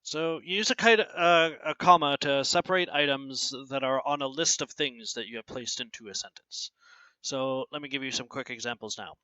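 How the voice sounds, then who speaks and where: A man teaching a grammar lesson, often asking "right?" and reading example sentences aloud with clear pauses. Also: medium pitch, sharp tone, no room sound, low-quality recording. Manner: keeps asking "right?" to check understanding. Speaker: English teacher.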